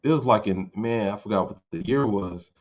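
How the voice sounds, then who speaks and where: A man's voice: fairly low pitch, moderate pace. Rambling casual male vlogger, lo-fi. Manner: rambling, profane, informal. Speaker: vlogger and fight commentator. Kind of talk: casual commentary.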